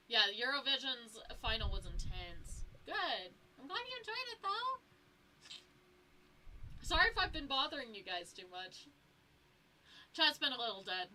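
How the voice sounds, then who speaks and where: A woman's voice: a little high, very animated, measured pace, bright, forceful tone, slight background noise, low-quality recording. A young woman streaming a game, chatting casually with viewers and reading lore aloud, stumbling over words as she goes.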